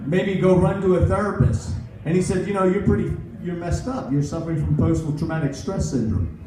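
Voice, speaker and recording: A man's voice: on the high side, fairly quick, noisy background. A man in his sixties doing a rambling, self-mocking stand-up set at a comedy club. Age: 60s. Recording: echoey club recorded from far off.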